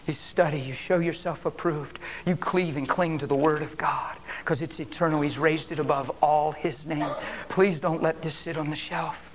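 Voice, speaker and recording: A man with a high-pitched voice preaches a church sermon, driving his points home with emphasis. He swings between loud declarations and hushed, breathy whispers. A faint hum of the room hangs behind him. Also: steady tone, normal speed. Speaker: guest preacher. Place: church service.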